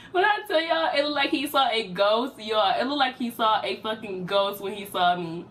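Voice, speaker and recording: A young woman, telling a personal story in a casual vlog and jumping up high for quoted voices. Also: expressive, measured pace, a bit bright, far from the mic, slight background noise, poor audio. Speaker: vlogger.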